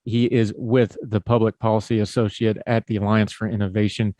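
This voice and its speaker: A man's voice: fairly low pitch, level tone, brisk, dark tone, dry recording. A man with a Southern US hillbilly accent hosting a podcast, talking politics in a folksy, conversational way. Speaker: podcast host. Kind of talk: casual political talk.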